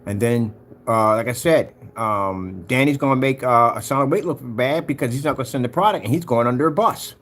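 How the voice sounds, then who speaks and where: A man ranting in a taunting, mocking way to his viewers, jumping between loud jabs and low mutters. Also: a little fast. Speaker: vlogger. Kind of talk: ranting monologue to camera.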